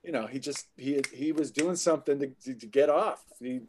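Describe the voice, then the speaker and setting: A middle-aged man is a guest on an interview podcast, sharing stories from his acting career. He talks loosely and conversationally, often breaking off a phrase and starting it again. His pitch sits in the ordinary middle range for a man. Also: a little fast, a crowd in the background. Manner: anecdotal, restarts phrases often. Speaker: guest actor.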